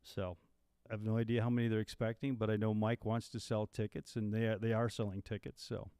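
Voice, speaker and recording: A man's voice: lowish voice, little pitch movement, a little fast, mellow, clear, resonant tone, dry recording. A man co-hosting a live podcast, chatting casually and upbeat while promoting local shows. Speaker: podcast co-host.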